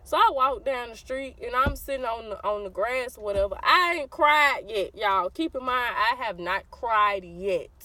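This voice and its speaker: A woman with a Southern US accent telling a childhood story to her viewers in a casual, animated way, acting out the voices of the people in it. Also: a little high, normal speed, hardly any pauses, slight background noise, rough recording. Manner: animated, addresses viewers as y'all, acts out quoted voices.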